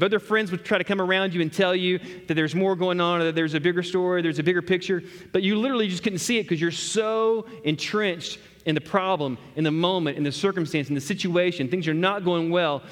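Brief: male pastor, high voice, conversational storytelling sermon, long hall reverb. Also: a bit bright. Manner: storytelling, talking straight to the congregation. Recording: echoey hall.

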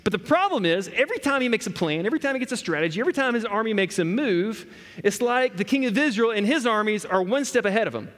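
Brief: male pastor, high voice, conversational storytelling sermon, long hall reverb. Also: expressive, quick pace, fairly bright tone. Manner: storytelling, talking straight to the congregation. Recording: echoey hall.

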